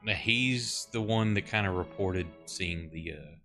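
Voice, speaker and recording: Deep-voiced halting game master. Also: male voice, pushed and bright, soft background music. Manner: halting narration full of fillers. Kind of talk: narrating a tabletop game.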